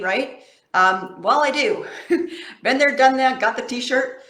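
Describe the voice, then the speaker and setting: A woman's voice: a little high, lively intonation, takes it slowly, sharp tone, roomy sound. A woman coach giving a casual motivational talk to camera in an encouraging, affectionate, conversational way.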